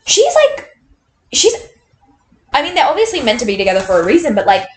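A woman in her twenties chatting casually and reading aloud from a novel, animated and incredulous, rambling with lots of fillers. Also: on the high side, fast, slight background noise. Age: 20s. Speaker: book reviewer. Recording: roomy echo.

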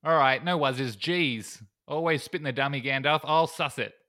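A cheeky little hobbit fellow, as a man puts him on, drawling slang in a clumsy fake New Zealand accent that keeps sliding South African. The voice sits well above the man's own and comes out loud. It is a podcast goof on a fantasy tale. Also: on the high side, moderate pace, voice pushed up. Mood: grumbling. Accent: clumsy fake New Zealand accent drifting South African. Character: cheeky small male hobbit, laid-back.

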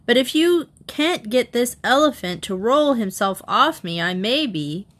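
Lady reading as a teen boy, calm and teasing, storybook voice. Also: fairly high pitch, measured pace, voice pushed up, full character voice. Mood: joking. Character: calm joking teenage boy.

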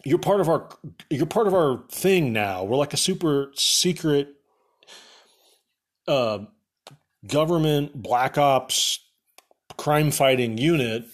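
A man voicing a brisk male boss of a secret unit who gives matter-of-fact orders. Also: fairly high pitch, animated.

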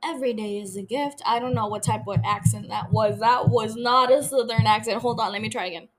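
Young woman, podcast host, fairly high voice, casual rambling chat, laughs a lot, swears freely. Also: steady tone, brisk.

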